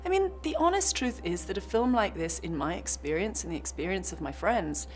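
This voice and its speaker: A woman's voice: medium pitch, animated, fairly quick, soft background music. A woman actress answering interview questions in a reflective way, often restarting her sentences and adding playful asides.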